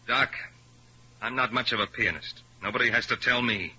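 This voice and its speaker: Speaking at normal speed, a man with a husky, sharp, mid-range voice plays a bitter young male pianist who rejects his career. His scornful, sarcastic lines come from a 1950s radio drama preserved in a lo-fi old recording.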